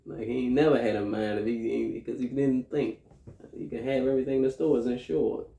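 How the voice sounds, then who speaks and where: A man with a gravelly, mellow voice chats casually about a movie, retelling scenes with animated energy and salty language. He sounds like he is in an echoey room. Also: mid-range voice, a little fast. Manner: animated retelling, profane, acts out quoted lines. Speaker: movie review co-host. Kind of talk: casual chat.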